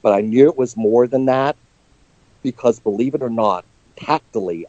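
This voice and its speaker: This psychic medium, interviewed by phone, has a mellow mid-range voice and a moderate pace, captured dry with no room sound. He recounts personal experiences earnestly and without hiding his emotions, the line sounding dull and low-fidelity.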